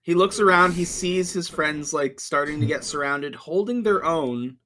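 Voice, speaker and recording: A man's voice: a little high, normal speed, sharp tone. A man playing in a tabletop game, describing his character's moves in a hesitant way, with many fillers. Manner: hesitant, filler-heavy narration. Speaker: player.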